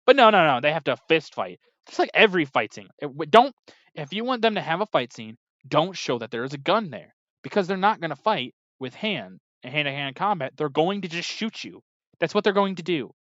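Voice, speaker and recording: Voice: medium pitch, very animated, a little fast, fairly bright tone, dry recording, lo-fi sound. A TV reviewer talking casually, exasperated and sarcastic, rambling with lots of filler "like"s. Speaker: TV episode reviewer.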